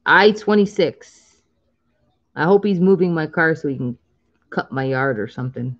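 A woman's voice: low voice, animated, moderate pace, muffled recording. A woman in her thirties chatting casually on a live stream while scratching lottery tickets, drawing out the numbers she calls and laughing often.

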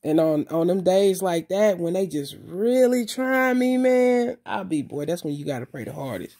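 Mellow-voiced woman in a loose, swearing vlog. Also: lowish voice, very animated. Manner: loose, emphatic street talk with frequent swearing; repeats herself and pauses with fillers. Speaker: vlogger. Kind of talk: casual video monologue.

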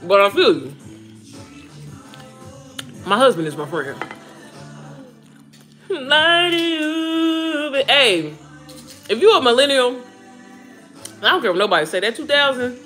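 Animated, chatty woman in her thirties. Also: high voice, slow pace, pauses often, faint music behind. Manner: chatty, animated, addresses listeners as girl and baby. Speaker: vlogger talking to viewers while cooking. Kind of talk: casual chat.

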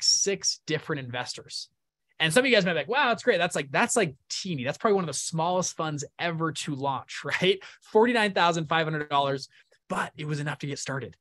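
A man's voice: fairly high pitch, a bit bright, dry recording. A young man giving a casual, upbeat live online lesson, often checking in with his audience. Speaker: webinar presenter. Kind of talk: live online teaching talk.

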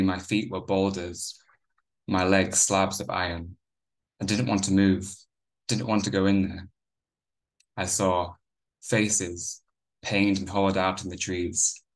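A man reading his own novel aloud in a measured first-person narration. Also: low-pitched.

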